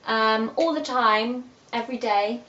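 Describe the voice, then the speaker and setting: A young beauty vlogger chats and giggles through her favourite makeup products in a somewhat high, fairly bright voice at a measured pace. The audio is echoey and dull, with a faint hiss.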